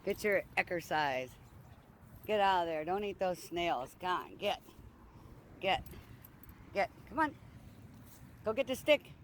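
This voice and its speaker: A man's voice: sits high, animated, slow, pauses often, a bit bright, a little hiss or hum. A man walking his dog outdoors by a lake, coaxing and teasing it in playful baby talk as he films on a handheld phone. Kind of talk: casual chat to a dog.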